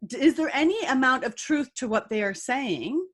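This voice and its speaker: Woman, slightly high voice, podcast co-host, probing questions, eager, reflective. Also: lively intonation, normal speed. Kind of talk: casual podcast conversation.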